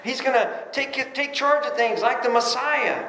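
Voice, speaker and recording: High-voiced animated preacher in an echoey church. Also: male voice, moderate pace. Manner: animated, swinging between loud bursts and low asides; repeats words at restarts. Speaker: pastor. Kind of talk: sermon. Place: church sanctuary. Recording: roomy echo.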